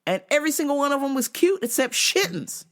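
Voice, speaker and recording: Animated, foul-mouthed woman ranting. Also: sits high, fast. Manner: profane, animated storytelling with frequent swearing. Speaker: vlog host. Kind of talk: casual comedic rant.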